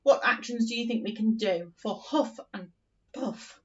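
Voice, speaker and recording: A woman teaching an early-years phonics lesson in a slow, sing-song, encouraging way, acting out story lines as she goes. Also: fairly high pitch, distant mic, muffled recording.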